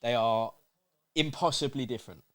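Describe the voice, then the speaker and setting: A man's voice: medium pitch, a bit bright. A man hosting a casual fight watchalong, teasing his friends and laughing often. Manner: joking, teasing, quick laughs. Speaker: host.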